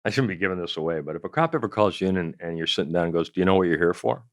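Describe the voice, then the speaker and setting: A man's voice: low-pitched, racing, dry recording, studio quality. A middle-aged man from Canada, a comedian telling a profane story in an interview and acting out quotes. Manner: animated, profane anecdotal storytelling with acted-out quotes. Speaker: comedian and former investigator, guest.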